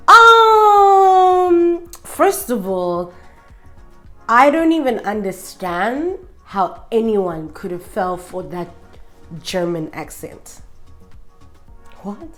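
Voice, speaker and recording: A woman vlogger giving an opinionated casual review, sassy and emphatic, full of rhetorical questions. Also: on the low side.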